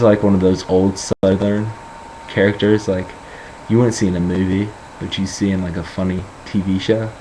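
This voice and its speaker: A man's voice: low voice, background noise. A young man rambling casually in a vlog, joking and boasting.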